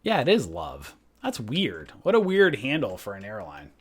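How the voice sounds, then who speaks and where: A man's voice: on the low side, huge pitch swings, normal speed, breathy edge. A man hosting a trading livestream, thinking aloud in casual talk, trailing off and correcting himself.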